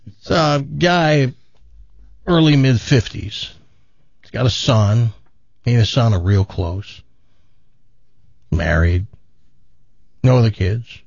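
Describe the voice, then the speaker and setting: Radio host, man, gravelly voice, dry and dull sound, slow storyteller. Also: mid-range voice, darkish tone, no room sound. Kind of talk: telling a long joke.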